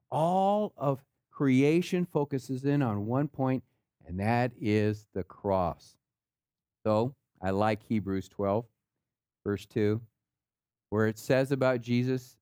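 A man preaching a sermon, swinging between rising rhetorical questions and low, quiet asides. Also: dry recording, clean studio sound. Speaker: pastor.

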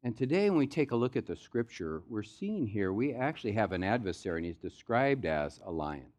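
A man's voice: lowish voice, big pitch swings, fairly quick, darkish tone. A man preaching a sermon as pastor, in a loose, conversational storytelling way. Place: church sanctuary.

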